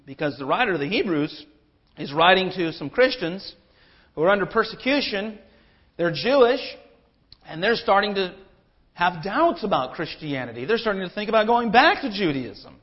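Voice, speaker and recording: A man delivers a sermon in a high, animated voice. He climbs into forceful rhetorical questions and then drops low to land his point. The recording sounds somewhat muffled and lo-fi. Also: normal speed. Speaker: pastor.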